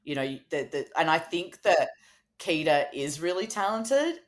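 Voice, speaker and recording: A woman's voice: deep voice, very animated, moderate pace. A woman co-hosting a podcast in casual chat who laughs often and restarts her sentences. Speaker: podcast co-host.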